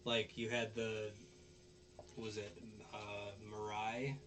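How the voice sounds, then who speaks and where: A man's voice: lowish voice, takes it slowly. Rambling man recapping an anime. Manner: rambling, full of fillers and restarts; acts out characters' lines in animated voices. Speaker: podcast host. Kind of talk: casual anime recap chat.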